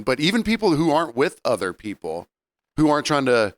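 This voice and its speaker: A man co-hosting a podcast, telling stories in a relaxed, rambling way with fillers. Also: fairly high pitch, brisk, dry recording. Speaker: podcast co-host. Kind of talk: casual chat.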